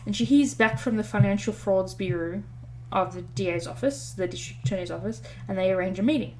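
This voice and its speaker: A woman of middle pitch co-hosts a podcast and recounts a story in relaxed, chatty fashion. She fills gaps with ums and corrects herself mid-sentence as she goes. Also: a little fast. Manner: chatty retelling with many fillers and self-corrections. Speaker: podcast co-host. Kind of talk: casual storytelling chat.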